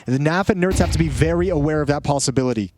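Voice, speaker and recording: A man giving lively play-by-play esports commentary with joking asides. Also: a little high, quick pace. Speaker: esports caster. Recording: noisy broadcast feed.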